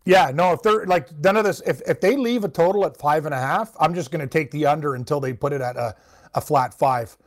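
A man's voice: on the high side, a little fast. A man co-hosting a sports radio show, chatting casually about hockey and laughing often. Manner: chatty, laughs often, does voices of his mom.

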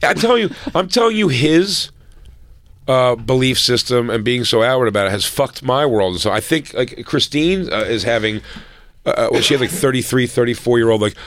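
Crude joking podcast host. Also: male voice, medium pitch, animated, a little fast, a bit bright, no room sound. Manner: crude, joking, mocking impressions of friends. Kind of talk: casual banter.

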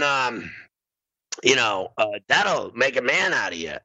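Gravelly-voiced man telling a comic story. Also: unhurried, no echo, highs cut off. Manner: animated storyteller, bursts into high screaming. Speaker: radio show host. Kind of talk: comedic storytelling.

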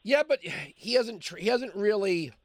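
A man's voice: sits high, animated, a little slow, no echo, clean studio sound. A man hosting a call-in radio talk show, chatting loosely with frequent restarts and fillers.

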